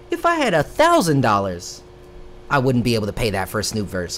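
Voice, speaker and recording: A young man from Florida, a rapper hosting a live stream, telling stories in casual chat with a lively, profane delivery. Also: mid-range voice, a little hiss or hum. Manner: animated, profane, drawn-out "bro" asides.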